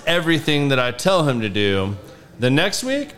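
A man's voice: a little high, huge pitch swings, moderate pace, a bit bright. A man telling a long story in casual podcast chat, rambling with lots of fillers and acting out what people said. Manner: rambling, many fillers, acts out quotes. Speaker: podcast guest.

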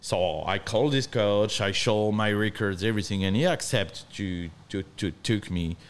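A man from northern France with a French accent, talking as a guest in halting English full of restarts. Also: on the low side. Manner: halting non-native English, frequent restarts, earnest. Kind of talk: casual chat.

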